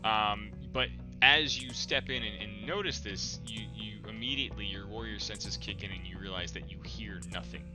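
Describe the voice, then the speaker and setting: A man narrating a tabletop game as game master, halting with many fillers. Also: lowish voice, over music. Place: home room, live stream.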